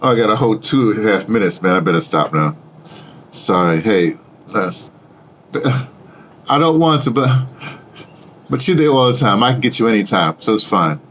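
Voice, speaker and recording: A man's voice: on the low side, animated, moderate pace, long pauses, fairly bright tone, slight background noise. A man talking casually and rambling in a vlog, chatting about music and his day. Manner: rambling, chatty, sings along to a record. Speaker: vlogger.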